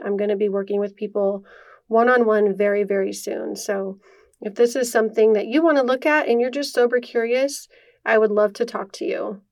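A woman's voice: medium pitch, a little mellow. Young woman, podcast host, heartfelt, emotional, chatty fillers, faint music underneath. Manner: heartfelt and earnest, many fillers. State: emotional, near tears. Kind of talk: personal podcast monologue. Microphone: podcast microphone.

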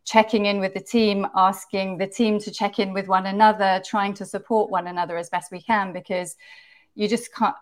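A woman panel guest speaking in a measured, reflective way, often restarting her phrases. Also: mid-range voice, level tone. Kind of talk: panel discussion.

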